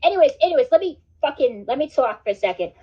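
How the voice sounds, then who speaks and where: A woman chatting on her livestream, rambling and cursing, with "like" and "dude" all through her talk. Her voice sits a bit high. The audio is dull and lo-fi. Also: animated, quick pace. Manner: rambling, swears a lot, says "like" and "dude". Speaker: livestream host. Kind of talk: casual livestream chat.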